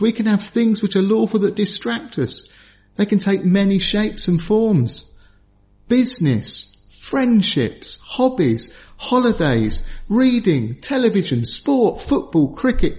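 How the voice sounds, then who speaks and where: A man preaches, his voice pitched high for a man. He talks earnestly and slows down to stress his main points. The recording sounds dull and lo-fi. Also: darkish tone. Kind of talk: sermon.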